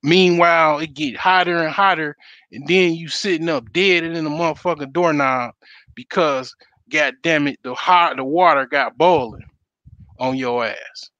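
Man, host, profane rant, forceful tone, dry sound. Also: a little high, measured pace, no echo, lo-fi sound. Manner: blunt, profane ranting. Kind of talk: casual monologue.

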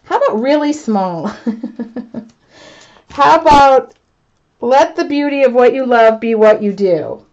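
A woman artist chatting to her live viewers as she works, excitable and self-mocking, laughing often. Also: fairly high pitch, slow, long pauses. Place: home art studio, indoors. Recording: dull lo-fi stream audio.

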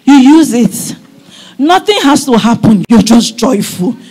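A middle-aged woman pastor preaching a sermon at a church service, fervent and often breaking into shouts. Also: a little high, very animated, unhurried, slightly rough.

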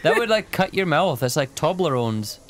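A woman with a strikingly low voice that swings lively up and down, co-hosting a game playthrough. She jokes and teases her partner in easy banter. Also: moderate pace. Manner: wry, joking, teasing. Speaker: co-host of a gaming channel. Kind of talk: casual let's-play chat.

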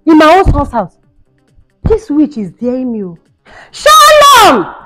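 A woman's voice: high voice, big pitch swings, normal speed. A woman acting a cruel, taunting mother-in-law in a home-made skit, shrieking and mocking. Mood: scolding. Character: cruel scolding mother-in-law, shrill and bullying. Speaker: actor in a skit. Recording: dull sound with faint music behind.

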